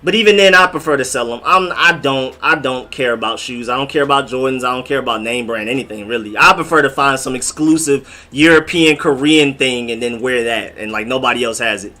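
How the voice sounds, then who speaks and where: Bright-voiced man riffing with his chat. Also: mid-range voice, brisk, few pauses. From Atlanta, US. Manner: rambling, slangy, talks straight to the chat. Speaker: live-stream host. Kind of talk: casual live-stream chat reading comments.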